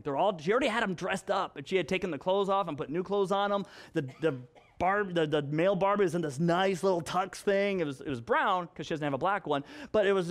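A male pastor preaching a storytelling sermon, animated and acting out dialogue with playful voices. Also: high voice.

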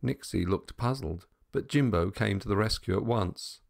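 A man reading an audiobook in a measured storytelling manner. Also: lowish voice, vocal fry. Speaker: audiobook narrator. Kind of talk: scripted narration.

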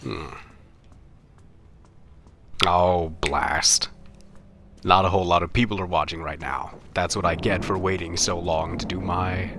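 A young man streaming a game live, rambling through anecdotes in a halting, self-mocking way. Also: sits low, steady tone, background noise.

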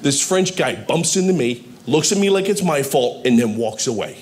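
Punchy Philly stand-up comic. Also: male voice, mid-range voice, lively intonation, normal speed, a little hiss or hum. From Philadelphia. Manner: punchy, crowd-teasing delivery. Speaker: stand-up comedian. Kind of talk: stand-up comedy set.

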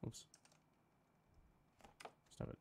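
A man's voice: very slow, mellow. A young man streaming live as he designs graphics, talking to himself in a casual, profane way and getting easily frustrated.

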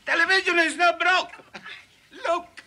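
An actor playing a drowsy, tipsy older father who talks in slow, slurred, broken phrases. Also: very high-pitched, flat delivery, background noise.

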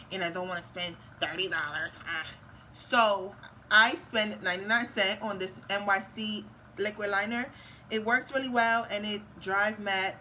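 A young woman talks her way through a makeup routine in a loose, candid vlog style. Her voice is bright and forward, and she swears freely. A faint background hum sits under the recording. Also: medium pitch, rough recording. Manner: chatty, candid, swears and laughs often. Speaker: beauty vlogger. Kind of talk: casual makeup tutorial chat. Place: room at home with a fan on.

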